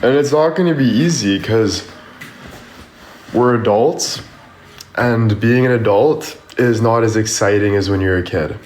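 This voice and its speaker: Rambling low-voiced man in echoey room. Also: unhurried, darkish tone, slight background noise. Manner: rambling, heavy on "like" and "you know". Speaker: social media creator on a livestream. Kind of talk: casual motivational livestream talk. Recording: echoey room with faint music behind.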